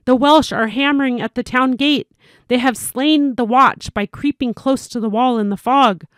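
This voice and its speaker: A woman's voice: steady tone, normal speed, fairly bright tone, clean tone, no room sound, studio quality. A woman voicing a male yeoman who is out of breath and urgently reporting to his lord, in a storybook reading. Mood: alarmed urgent. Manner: urgent, raised and high-pitched.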